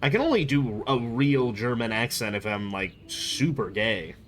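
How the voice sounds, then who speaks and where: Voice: mid-range voice, lively intonation, moderate pace, soft background music. A young adult streamer chatting casually on a live stream, in a rambling, playful way. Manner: rambling, playful, jumps between topics.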